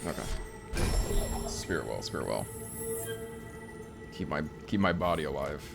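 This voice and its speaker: A man's voice: extremely low pitch, big pitch swings, slow, gravelly. A man streaming gameplay live, talking to himself, yelping and groaning at the game, and rambling in asides. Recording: game music behind voice.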